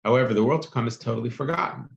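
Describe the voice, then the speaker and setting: A man's voice: medium pitch, rapid-fire, gravelly. A man teaching a text-study class, reading passages aloud and explaining them in a chatty way, checking in with "right?" as he goes. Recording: muffled, echoey room.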